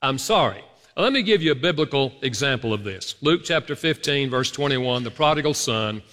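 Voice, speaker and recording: A man preaching a sermon as a pastor, telling stories with animated, emphatic rises. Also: medium pitch, brisk. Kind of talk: sermon on apology. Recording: long hall reverb.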